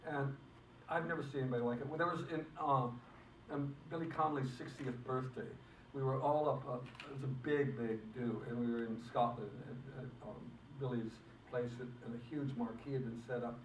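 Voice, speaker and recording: An older film director in a press interview, talking haltingly and restarting often as he searches for words. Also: mid-range voice, fairly even intonation. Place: convention room. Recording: echoey room, mic far off, faint noise.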